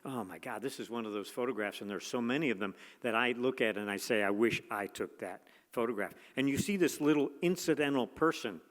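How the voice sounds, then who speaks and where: A man's voice: medium pitch, a little fast, few pauses, fairly bright tone. A man giving a museum gallery talk to an audience, enthusiastic and exclamatory, with many fillers and restarts. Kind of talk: lecture to an audience. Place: museum lecture hall. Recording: long hall reverb.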